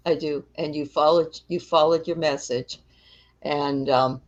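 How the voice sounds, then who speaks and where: Encouraging woman host, lower voice. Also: steady tone, a little slow, dull audio. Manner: supportive, brief affirmations and laughter. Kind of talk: casual interview chat.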